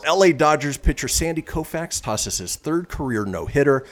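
A man's voice: a little high, normal speed. A man hosting a radio show, reading history items with wry asides. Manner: lively newsreader delivery with wry asides.

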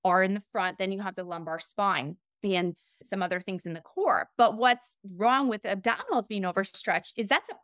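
A middle-aged woman, a fitness trainer guest on a podcast, explaining in an animated way full of "like" and "right?". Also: mid-range voice, normal speed, hardly any pauses, no room sound, clean studio sound.

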